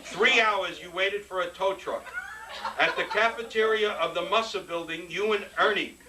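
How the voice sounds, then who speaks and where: A man's voice: sits high, normal speed. A man emceeing a retirement party roast with brash, joking banter. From New York. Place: party hall. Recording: distant noisy party recording.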